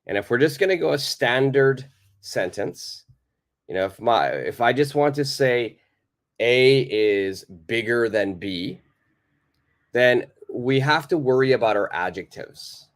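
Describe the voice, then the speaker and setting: A man's voice: medium pitch, animated, a little slow. A man teaching a live online English lesson, patiently repeating his questions to the viewers.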